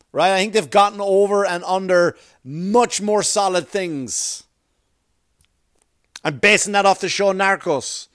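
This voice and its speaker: A man's voice: high-pitched, unhurried, a bit bright, dry recording, studio quality. A man doing a rambling, profane stand-up comedy routine full of conversational asides.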